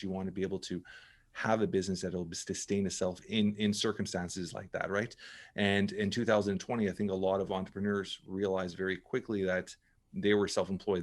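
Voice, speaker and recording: Fast-talking, emphatic low-voiced man. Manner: emphatic, repeats words and restarts often. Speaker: podcast guest, entrepreneur. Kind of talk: casual interview talk.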